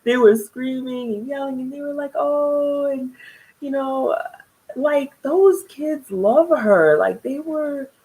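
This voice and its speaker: A woman's voice: high voice, slow pace, dark tone, low-quality recording. A young woman casually recapping a reality TV episode, chatty and rambling, often laughing between thoughts. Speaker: TV reality show reviewer.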